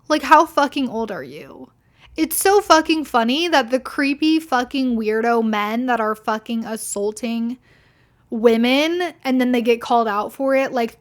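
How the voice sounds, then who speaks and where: A young woman hosting a podcast, telling a personal story in a blunt, indignant way, full of swearing and "like". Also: a little high. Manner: blunt, heavy swearing, frequent "like"; indignant, venting. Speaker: podcast host. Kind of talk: casual storytelling monologue.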